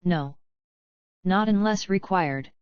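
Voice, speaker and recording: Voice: mid-range voice, slow, smooth, dry recording, dull audio, lightly acted. A woman voicing a terse, godlike creature in pony form who answers in clipped words.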